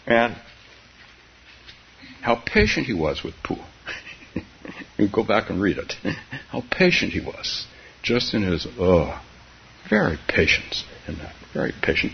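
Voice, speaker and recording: A man giving a dharma talk as a meditation teacher, soft-spoken and halting, often laughing gently between phrases. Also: lowish voice, gravelly. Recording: dull, slightly hissy recording.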